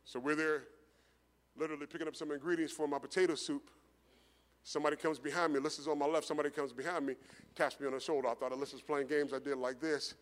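A middle-aged man preaching a sermon in a relaxed, conversational storytelling way, repeating his phrases and building toward rising intensity. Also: on the high side, quick pace. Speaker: pastor. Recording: long hall reverb.

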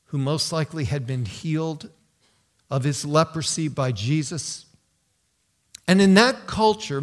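A man preaching a sermon, explaining scripture with emphatic pauses and sudden drops to a quiet voice. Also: medium pitch. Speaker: pastor.

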